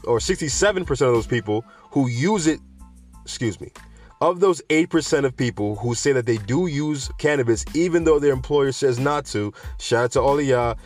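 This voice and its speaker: Slangy, digressive male news host. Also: medium pitch. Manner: animated, digressive, slangy, addresses viewers directly. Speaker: host of a cannabis news show. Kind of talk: casual news commentary with rants.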